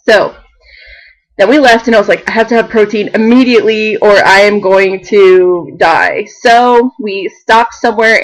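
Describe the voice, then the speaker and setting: A young woman vlogging in a chatty, animated way, full of fillers and laughter. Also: fairly high pitch, rough recording. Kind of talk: casual chat to camera.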